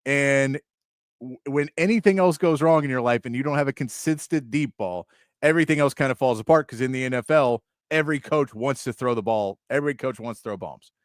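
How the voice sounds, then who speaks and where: A man's voice: medium pitch, brisk, dry recording, studio quality. A man hosting a sports talk show, chatting casually with many asides and frequent laughs.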